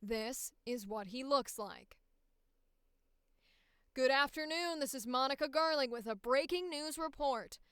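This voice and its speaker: A woman doing a crisp upbeat newscaster. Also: sits high, unhurried, long pauses, fairly bright tone, no echo, studio quality. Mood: upbeat professional. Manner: crisp, clearly enunciated newscaster delivery. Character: professional upbeat female TV news reporter. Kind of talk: audition read.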